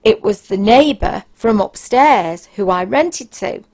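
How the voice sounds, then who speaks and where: Woman podcast host, candid storyteller, mid-pitched, blunt delivery. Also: lively intonation, slow, darkish tone. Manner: frank, blunt, with bursts of raised emphasis. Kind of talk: casual anecdotal storytelling.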